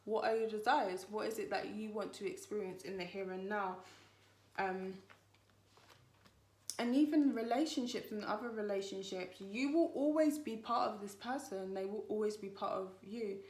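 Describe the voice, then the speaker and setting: A woman talks through a spiritual card reading with a chatty, reassuring flow, often circling back on herself. Her voice sits at a middle pitch, and the room around her echoes. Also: normal speed, a little mellow. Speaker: tarot reader.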